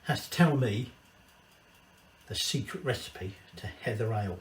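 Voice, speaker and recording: A man's voice: lowish voice, lively intonation, measured pace, voice pushed down. A man voicing a ruthless ancient king who demands a secret recipe, in a blunt, commanding way. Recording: echoey room, distant mic, faint kitchen noise.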